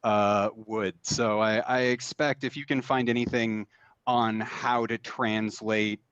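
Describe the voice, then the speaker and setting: A man's voice: lowish voice, steady tone, slow, fairly bright tone, clear, resonant tone, no room sound, highs cut off. A man talking casually in an interview about making games, rambling with many fillers and restarts. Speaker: game designer guest.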